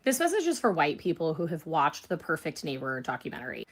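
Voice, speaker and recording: A woman's voice: low-pitched, huge pitch swings, fast, slightly rough. A woman speaking straight to her viewers in a short social video, earnestly urging them to act. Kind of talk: direct-to-camera social video.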